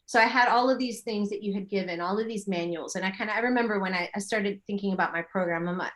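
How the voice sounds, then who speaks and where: A middle-aged woman, a yoga teacher, chatting as an interview guest and telling animated stories full of her own remembered thoughts. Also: mid-range voice, quick pace, few pauses. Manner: animated storytelling with quoted inner thoughts. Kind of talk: casual interview chat.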